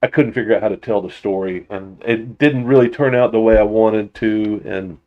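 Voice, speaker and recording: A man hosting a casual livestream for his motorcycle channel, reading viewer comments aloud and answering them with rambling, halting restarts and frequent laughter. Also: on the low side, lo-fi sound.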